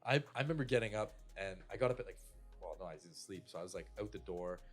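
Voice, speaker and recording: Brief: young Canadian man, lowish voice, rambling profane podcast storyteller. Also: animated, fast, soft background music. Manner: rambling, profane, lots of "like" and "I'm like". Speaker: podcast co-host. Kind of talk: casual storytelling among friends.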